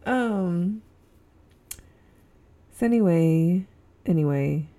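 A woman's voice: low voice, animated, measured pace, creaky, mellow, husky. A woman with a Southern Californian accent, hosting a casual solo podcast at home and rambling giggly with lots of fillers; she says her voice sounds snobby. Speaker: podcast host. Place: indoors at home with a heater on.

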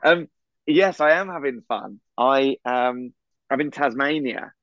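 A man's voice: mid-range voice, measured pace, a bit bright, dry recording, dull audio. A man co-hosting a podcast from a hotel room, rambling and laughing often. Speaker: podcast co-host. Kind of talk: casual chat over a video call. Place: echoey hotel room, on a bed.

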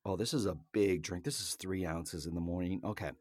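A man's voice: low-pitched, steady tone, a little fast, a little mellow, no echo, clean studio sound. A man hosting a show, chatting casually while he mixes a cocktail and explains each step. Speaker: cocktail-making host. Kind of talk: casual chat while mixing a drink.

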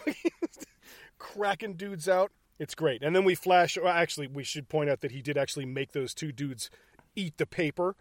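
A man's voice: fairly high pitch, no room sound, studio quality. A man co-hosting a casual podcast about a movie, swearing, laughing and acting out the scenes. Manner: profane, laughing, acts out scenes in quick bursts. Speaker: podcast co-host.

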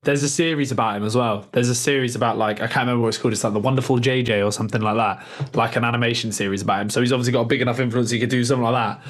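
A man's voice: mid-range voice, fairly even intonation, racing, hardly any pauses. A man co-hosting a football podcast in casual chat, rambling, laughing often and swearing freely. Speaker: podcast co-host.

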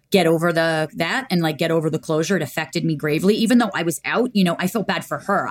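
A young woman on a podcast, telling a personal story in casual chat and acting out the quotes. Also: on the low side. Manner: animated, acts out quotes. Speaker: podcast guest.

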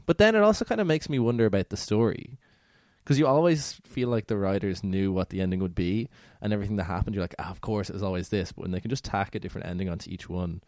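A man's voice: on the low side, expressive, quick pace, a little mellow, dry recording, clean studio sound. A man co-hosting a film podcast, teasing his co-host and rambling through his thoughts in casual chat.

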